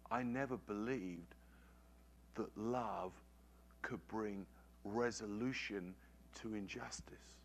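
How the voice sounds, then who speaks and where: Male preacher, low voice, very slow delivery, earnest sermon storytelling with emphatic repetition. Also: a little hiss or hum.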